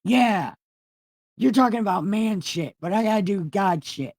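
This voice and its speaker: A woman's voice: medium pitch, animated, measured pace, darkish tone, dry recording, clean studio sound. A woman voicing Jesus as a casual, flippant grown man with slangy, profane talk.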